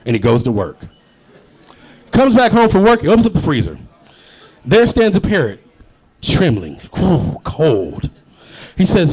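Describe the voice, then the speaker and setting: A man's voice: on the high side, fairly quick. A man in his forties hosting a live comedy show, telling jokes and chatting with the crowd. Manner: animated, chatty, working the crowd. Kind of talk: live stand-up storytelling. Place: bar venue, live show.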